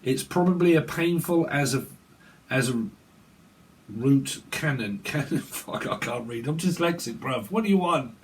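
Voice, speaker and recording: A man's voice: a little high, lively intonation, normal speed. A man giving a rambling, joking tarot reading, swearing and laughing at himself. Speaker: tarot reader. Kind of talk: casual tarot reading monologue.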